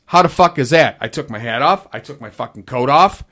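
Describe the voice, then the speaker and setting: A middle-aged man hosting a podcast, telling profane, animated stories and acting out the quotes in casual chat. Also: mid-range voice, brisk. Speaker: podcast host.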